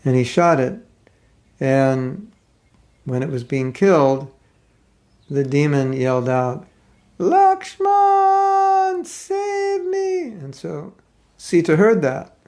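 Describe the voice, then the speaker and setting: A man giving a conversational sermon, retelling a scripture story with halting asides. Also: medium pitch, a little mellow. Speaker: spiritual teacher.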